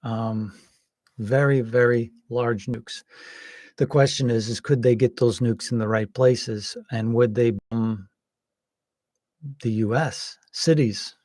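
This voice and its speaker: A man giving casual, rambling political commentary, hesitant with many pauses and some wry jokes. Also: medium pitch, steady tone, darkish tone, no echo, clean studio sound. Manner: wry and joking.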